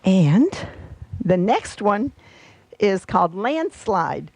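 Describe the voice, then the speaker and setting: In a casual product walkthrough, a middle-aged quilt designer and shop host shows off her patterns and fabrics with homey chatter, fillers, and friendly asides. She speaks very slowly and very animatedly in a mid-range, darkish voice, with slight background noise.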